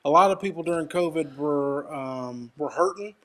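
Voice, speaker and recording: A man's voice: a little high, normal speed, a bit bright. A man with an Arkansas accent, a DJ guest talking candidly in a casual interview.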